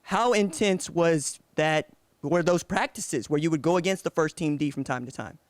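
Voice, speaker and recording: A man's voice: on the high side, normal speed, no echo. A man from Oklahoma hosting a podcast, asking direct questions in a laid-back, slangy way. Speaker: podcast host. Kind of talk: casual interview questions.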